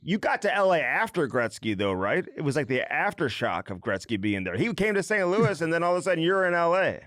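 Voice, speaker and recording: A man in his forties co-hosts a podcast, with a pitch that moves around a lot. He asks long, rambling questions full of "like" and "I mean". The sound is dry and close. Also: big pitch swings, a little fast, fairly bright tone, no room sound. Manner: chatty, rambling questions with many fillers. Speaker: podcast co-host. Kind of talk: casual interview chat.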